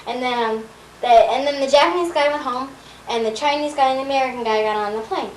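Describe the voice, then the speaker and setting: Brief: high-pitched woman, halting storyteller, recorded distant in a roomy space with faint noise. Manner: rambling, halting joke telling with many fillers. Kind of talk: casual joke telling.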